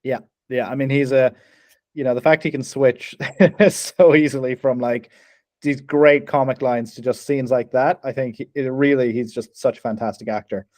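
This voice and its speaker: A man's voice: medium pitch, fairly even intonation, normal speed, a little mellow, no echo. Chatty Irish man, dry close sound. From Ireland. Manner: chatty, laughs often, many restarts. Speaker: podcast co-host. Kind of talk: casual film review chat.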